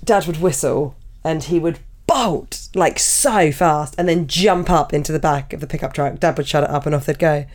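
Woman, podcast co-host, casual teasing chat, lower voice. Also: normal speed, few pauses. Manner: relaxed, teasing, dry jokes.

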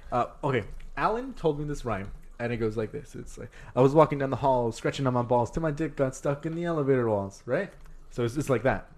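A man's voice: medium pitch, fairly quick, darkish tone. A young man telling crude stories in a casual chat among friends, mocking others with put-on voices.

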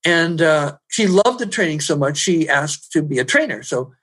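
Animated storytelling man, fairly high voice. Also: moderate pace, husky. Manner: animated storyteller who rises loud for dramatic moments. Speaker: personal growth trainer. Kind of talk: storytelling in an interview.

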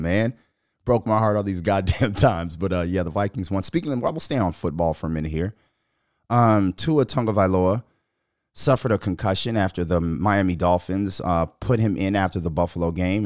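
A man hosting his own podcast, talking sports in a loose, profane style, often laughing and getting loud. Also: low voice, no echo, studio quality. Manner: loud, animated, laughing, swears a lot. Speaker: podcast host. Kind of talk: casual profane sports commentary.

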